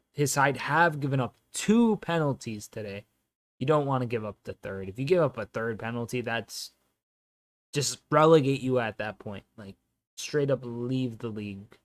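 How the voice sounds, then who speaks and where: Young man, casual slangy football watch-along, mid pitch, loud excited bursts. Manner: casual slangy chat, bursts loud and high at match action.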